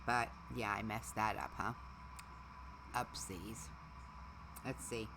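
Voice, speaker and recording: A middle-aged woman hosting a casual livestream, chatting to her viewers, her equipment and her dogs, her voice going hoarse. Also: rumbling low, fairly even intonation, slow pace, noisy background. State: losing her voice. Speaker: livestream host.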